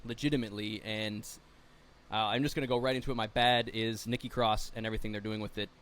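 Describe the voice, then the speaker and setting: A man's voice: on the low side, steady tone, fast, fairly bright tone. A man co-hosting a podcast, chatting in a wry, blunt way and swearing casually. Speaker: podcast co-host. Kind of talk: casual chat.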